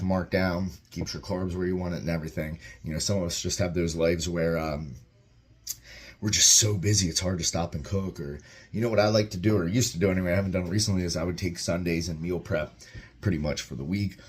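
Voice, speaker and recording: A young man in his home kitchen, chatting casually and excitedly as he reviews a meal, rambling and tasting as he goes. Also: low voice, brisk, slightly rough. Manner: upbeat, rambling, talks while eating. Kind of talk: casual vlog chat. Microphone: camera mic, propped-up phone without tripod.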